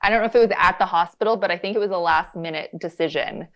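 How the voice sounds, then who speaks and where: A woman's voice: fairly low pitch, fast, vocal fry. A woman guest on a podcast, chatty and giggly, telling personal stories. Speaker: podcast guest, studio owner. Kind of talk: casual podcast chat.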